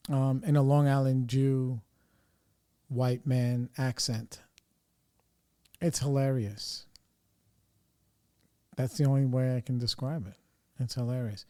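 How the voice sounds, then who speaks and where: A man with a warm, mellow voice tells family stories in a loose, rambling way. He stops and restarts often and leans on lots of fillers. The sound is dry and close, with no room around it. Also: mid-range voice, no room sound. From New York area. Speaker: podcast host. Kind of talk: casual storytelling.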